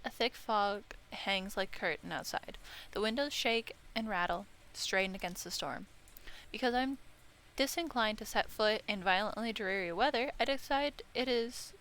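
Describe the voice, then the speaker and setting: With game music playing behind her, this woman plays a visual novel and reads its narration aloud. She tosses in casual comments, trips over words, and fixes them. She's a let's-play streamer whose fairly bright, high-leaning voice keeps a moderate pace.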